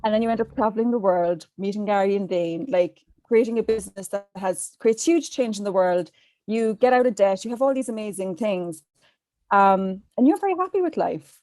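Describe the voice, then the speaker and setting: A woman's voice: mid-range voice, normal speed, dark tone, dry recording. A woman from Ireland interviewing the host in a casual podcast chat, asking long rambling questions. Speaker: guest interviewer.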